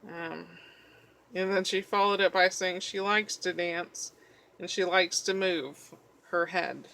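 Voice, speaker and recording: A woman's voice: on the low side, steady tone, slow pace, gravelly, pushed and bright. A woman vlogger chatting casually through a journal flip-through, rambling as she tells stories and swearing now and then. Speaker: craft vlogger.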